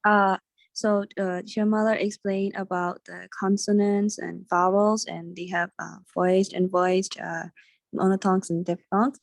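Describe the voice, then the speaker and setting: A woman's voice: fairly low pitch, darkish tone, no echo, studio quality. Hesitant woman recalling lesson notes. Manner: hesitant, many fillers, recalling from memory. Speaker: teacher trainee in a study group. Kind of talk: casual group discussion.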